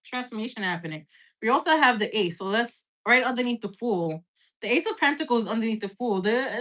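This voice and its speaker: A woman's voice: medium pitch, a bit bright. A woman giving a casual live-stream tarot reading, blunt and chatty, swearing freely and filling her talk with "like". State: has the hiccups. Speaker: tarot reader.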